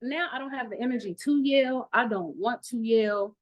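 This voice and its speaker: A woman's voice: on the high side, normal speed, a little hiss or hum, low-quality recording. A woman giving a candid testimony in an online meeting, blunt and profane, laughing often. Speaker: meeting participant. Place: video call at home. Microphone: video call.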